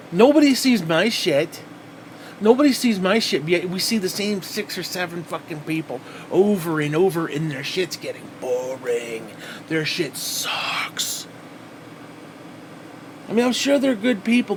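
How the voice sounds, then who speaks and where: A man's voice: high voice, a little hiss or hum. A man hosting a podcast, ranting angrily and bitterly with lots of swearing. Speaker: podcast host. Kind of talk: angry profane rant.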